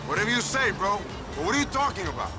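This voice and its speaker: An actor playing a loyal, wary young bodyguard in a video game, talking in casual street slang. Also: male voice, high voice, big pitch swings, racing. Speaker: game character. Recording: game audio under loud music.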